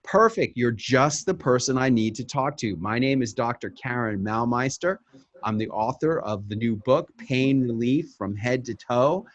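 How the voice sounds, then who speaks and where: A man delivering an upbeat, emphatic sample media pitch, acting it out as if on a phone call. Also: lively intonation, normal speed, no room sound.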